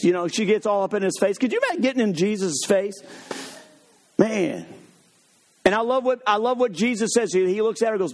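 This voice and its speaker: Man, preacher, sermon, fairly high voice, humorous storytelling, slow emphatic points. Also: lively intonation.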